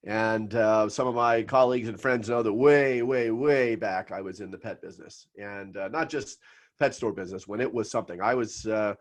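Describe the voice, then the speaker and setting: A middle-aged man from South Florida coaching financial advisors in a seminar talk, telling stories with emphatic pauses. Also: on the low side.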